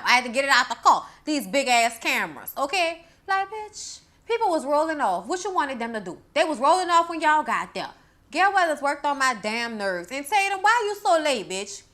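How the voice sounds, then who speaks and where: Bright, sassy, profane young woman. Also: on the high side. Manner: profane, sassy, talks back to characters. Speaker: movie reviewer. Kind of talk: casual movie recap.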